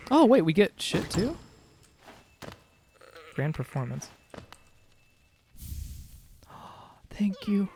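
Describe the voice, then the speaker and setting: A man streams a video game, chatting and joking casually with his viewers and reading the game's dialogue aloud as he plays. His high-pitched voice is very animated and a little mellow, delivered very slowly with long pauses. Faint game music and slight background noise sit behind him.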